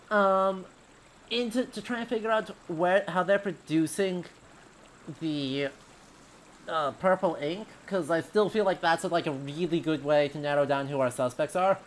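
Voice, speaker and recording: A man's voice: high-pitched, a little hiss or hum. A man streaming a game as a historian, thinking aloud in chatty, self-deprecating commentary. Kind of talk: casual let's-play commentary.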